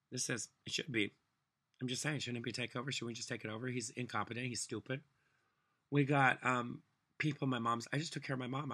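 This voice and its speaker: Husky, forceful man ranting. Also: mid-range voice. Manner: angry, profane, sarcastic ranting. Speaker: vlogger. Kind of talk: solo political rant.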